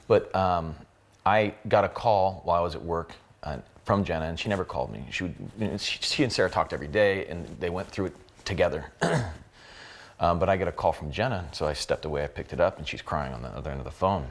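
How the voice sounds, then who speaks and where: A man with a very low voice recounts a hard chapter of his family's life in an interview. He speaks haltingly and circles back on his words as he searches for them. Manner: halting, with many repeated words and restarts. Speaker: company co-founder interviewed with his wife. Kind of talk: emotional personal storytelling.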